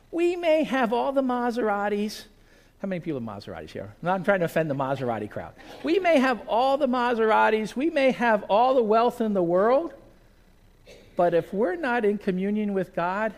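Man, pastor, sermon in a church, acts out stories, high voice, wide expressive pitch. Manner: storytelling, animated, acts out scenes.

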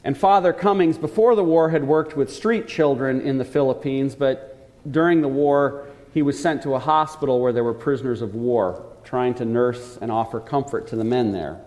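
A man preaching a sermon, telling a story earnestly and slowing down to stress key points. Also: medium pitch, darkish tone. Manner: earnest storytelling, slows for emphasis. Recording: long hall reverb.

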